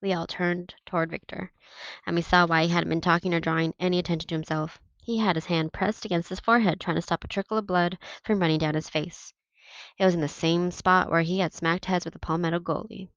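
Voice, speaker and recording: A woman reading a novel aloud in a steady, plain narrating voice. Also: fairly low pitch, a little fast, dry recording. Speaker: reader. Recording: dull, dry lo-fi recording.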